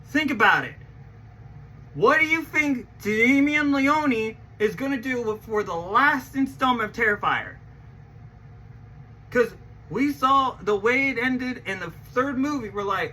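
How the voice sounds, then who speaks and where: A young man hosting a casual reaction vlog, excitable, swinging from mumbling to yelling and swearing often. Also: sits high, unhurried, poor audio. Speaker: channel host reacting to a movie trailer.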